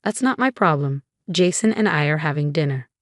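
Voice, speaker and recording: A woman's voice: low-pitched, lively intonation, fairly quick, dry recording, studio quality. A woman voicing a domineering middle-aged mother-in-law who talks in a cold, scornful, bossy way in a storybook reading.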